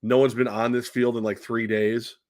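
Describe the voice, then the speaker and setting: A man's voice: mid-range voice, level tone, normal speed, darkish tone, no echo, clean studio sound. A man hosting a live sports talk show, teasing his co-host and rambling with lots of fillers. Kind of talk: casual sports chat.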